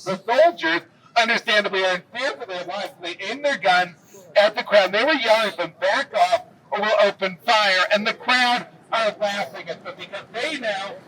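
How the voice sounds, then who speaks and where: A man giving a historical walking tour, telling the story with lively pacing and dry jokes. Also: high-pitched, moderate pace. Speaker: tour guide. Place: outdoors in a city square. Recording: distant camera mic, faint street noise.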